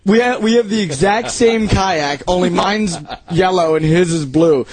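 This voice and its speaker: A man's voice: sits high, normal speed, a crowd in the background. A man hosting a radio show, telling crude stories with lots of swearing and laughter and acting out what people said. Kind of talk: crude storytelling banter.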